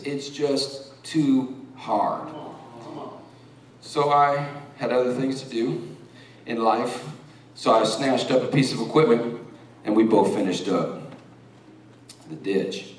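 A middle-aged man preaching a sermon, rambling through stories and then rising into forceful preaching. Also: fairly high pitch, slight background noise. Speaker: pastor. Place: church sanctuary. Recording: echoey church hall from far off.

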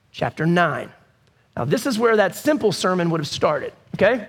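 A man's voice: sits high, big pitch swings, fairly quick, husky. A man preaching a sermon as pastor, telling the story casually with asides to the congregation. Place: church. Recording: long hall reverb.

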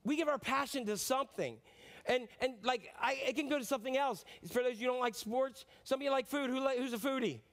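A man in his fifties preaching a lively, rambling sermon, joking about himself and often restarting his sentences. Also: extremely high pitch, fast talker. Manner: animated, rambling, self-mocking sermon with many restarts. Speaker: pastor.

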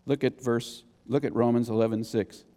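A man preaching a sermon as pastor, emphatic and animated, with sudden high exclamations. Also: normal speed, long reverb tail.

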